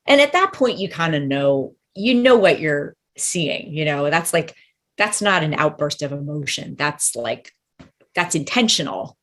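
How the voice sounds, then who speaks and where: A woman's voice: deep voice, animated, a little slow. A woman dog trainer in a casual interview chat, talking in a thoughtful, rambling way and hedging her points.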